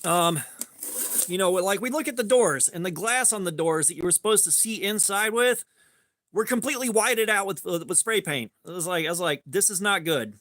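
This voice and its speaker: During a live stream, a man with a high, somewhat bright voice speaks at normal speed, casually rambling through a story as he sharpens and says hello to chat. There's no room sound.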